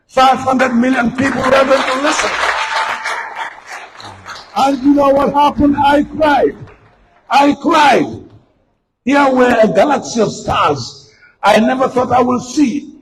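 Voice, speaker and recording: A man, a guest speaker telling his life story at a book launch, his voice rising as the story builds. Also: very high voice. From Gambia. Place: event hall. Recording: distant mic with faint room noise.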